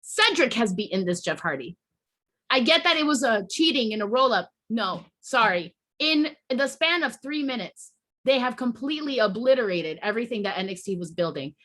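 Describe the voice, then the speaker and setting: A woman podcast host rants in a casual, heated way, swearing freely and breaking off to restart her thoughts. Her voice sits a bit high and sounds bright and sharp. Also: lively intonation, normal speed. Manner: heated, profane, emotional venting with restarts.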